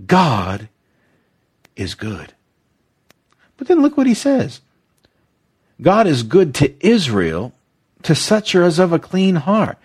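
A man with a husky voice preaches slowly and deliberately, with a lively, swooping pitch. He is exuberant and emotional, and he leads his listeners in call-and-response repetition. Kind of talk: devotional teaching, podcast-style.

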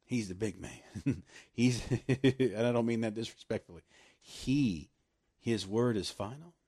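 A man preaching a sermon, animated and laughing often, slowing right down to stress scripture. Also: on the low side, husky.

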